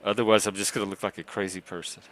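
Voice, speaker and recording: Male co-host, lower register, dry wit, laid-back. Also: little pitch movement, rapid-fire, fairly bright tone, poor audio. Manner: dry, wry quips. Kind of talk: casual chat on a stream.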